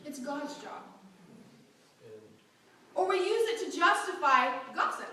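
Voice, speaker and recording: A woman teaching a church Bible class, animated and often acting out quotes with a laugh. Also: extremely high pitch, slow pace. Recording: very echoey room, mic far off.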